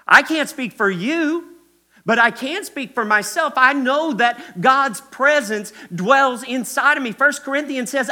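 A man's voice: very high voice, a little slow. A male pastor preaching a sermon, acting out the quotes and speaking straight to the congregation. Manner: animated preaching, acts out quotes, addresses crowd as guys and y'all.

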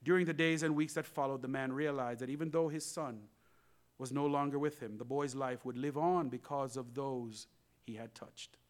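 A male pastor preaching a sermon, telling a story in an animated way and speaking straight to the congregation. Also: medium pitch, moderate pace.

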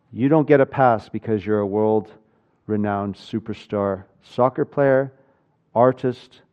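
A man preaching a sermon, telling a personal story with animated swings between loud and hushed delivery. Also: mid-range voice, lo-fi sound. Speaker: pastor.

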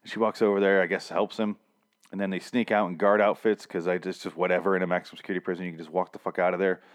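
A man with a rather low voice recapping a TV season in a loose, rambling way. He swears freely and keeps cracking jokes and going off on tangents. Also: little pitch movement, racing. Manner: rambling, profane, wisecracking. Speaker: TV show reviewer. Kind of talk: casual recap vlog.

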